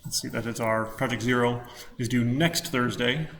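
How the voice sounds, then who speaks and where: A male college instructor talks through a class in a loose, rambling way, full of ums while he works at his laptop. His voice has a gravelly edge, and faint room noise hums under the lecture recording. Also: mid-range voice, moderate pace, a bit bright.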